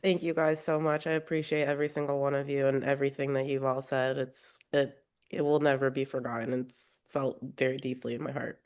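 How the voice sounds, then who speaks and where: A woman's voice: very deep voice, flat delivery, brisk, a little mellow. A woman on a video call, choked up and holding back tears as she answers. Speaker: featured guest. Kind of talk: touched reply on a video call.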